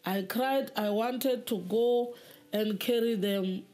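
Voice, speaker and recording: Slow, halting woman giving testimony. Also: a little high, mellow. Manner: halting, with many repeated words. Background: faint music.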